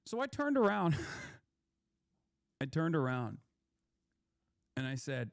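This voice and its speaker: Young male commentator, slightly high voice, profane rambling rant, dry close sound. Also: big pitch swings, slow pace, creaky, long pauses, dry recording. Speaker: political commentator.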